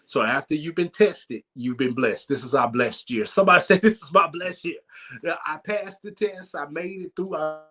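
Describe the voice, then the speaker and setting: A man hosts a church comedy night. He tells his story with lively energy and laughs along the way. His voice sits a bit high for a man. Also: moderate pace. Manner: animated, laughs while telling. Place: church sanctuary.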